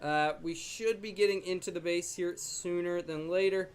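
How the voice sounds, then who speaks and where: A man's voice: high voice, steady tone, moderate pace, clear, resonant tone. A young man casually commenting on his own gameplay as a video host, chatty and joking. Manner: chatty, jokey, talks to his dog in a soft baby voice. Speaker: gaming YouTuber.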